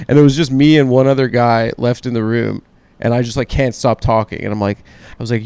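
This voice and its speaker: Male podcast host, smooth clear voice, dry close sound, cocky joking banter. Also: mid-range voice, a little fast, a little mellow, no echo. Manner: cocky, joking, tells stories with acted-out quotes. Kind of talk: casual comedic chat.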